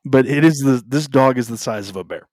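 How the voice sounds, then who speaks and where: In a dry recording, a man with a mid-range, brisk, darkish voice co-hosts a podcast, rambling casually about faith. His talk is full of fillers and self-interruptions.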